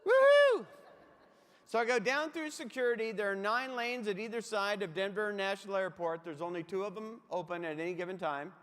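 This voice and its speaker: A man's voice: high voice, a little fast, hardly any pauses, a bit bright, clean tone. A middle-aged man giving a comic motivational keynote, telling punchy stories with asides to the audience on a stage mic in a large conference hall. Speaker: keynote humorist. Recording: echoey hall reverb.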